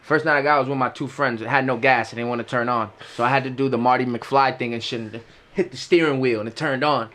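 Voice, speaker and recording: A young man from Queens, New York, co-hosts a casual, profane podcast, telling car stories in a fast, mid-range voice. He's animated and acts out the sounds and voices.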